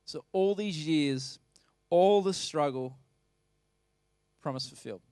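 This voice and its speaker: A man's voice: a little high, slow pace, darkish tone, clean tone, dry recording, studio quality. A man preaching a sermon as pastor, talking conversationally and emphatically and putting questions to the congregation.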